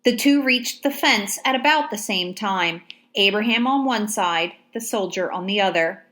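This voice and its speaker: A woman narrating an audiobook at a mid pitch, calm and measured. Her delivery is steady, with clear storytelling pacing.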